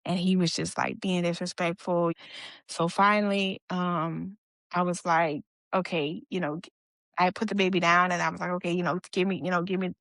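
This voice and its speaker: With a lowish, level, slightly bright voice at a moderate pace, a young woman shares a personal story as a podcast guest, chatting casually, quoting others, and using fillers. The recording is clean studio sound with no room sound.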